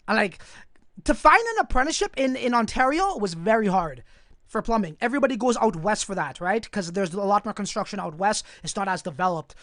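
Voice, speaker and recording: A young man from Canada hosting a crypto livestream, telling a story in a profane, animated way and talking straight to his viewers. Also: extremely high pitch, fast talker, no echo, clean studio sound. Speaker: crypto channel host.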